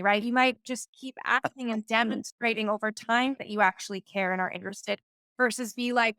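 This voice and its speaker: A woman with a higher, smooth and clear voice talks with animated energy as co-host. She speaks on a dry studio mic with no room sound. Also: moderate pace, dry recording. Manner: animated, acts out quoted voices while explaining. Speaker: podcast co-host. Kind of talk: casual conversation.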